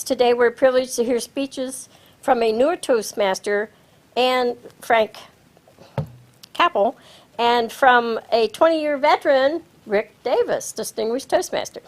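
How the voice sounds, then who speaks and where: Brief: Midwestern American woman, meeting host at a lectern, fairly high voice, clear and instructive. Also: poor audio. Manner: measured, instructive, announcing guests with rising emphasis. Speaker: Toastmaster of the meeting. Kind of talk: presiding over a club meeting. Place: small TV studio with audience. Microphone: lectern microphone.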